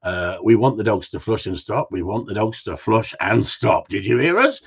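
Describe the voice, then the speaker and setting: A man with a husky, low voice rants bluntly through a casual livestream, dropping mild swear words as he goes. He talks as a gundog trainer. The sound is dull and lo-fi. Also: lively intonation, normal speed.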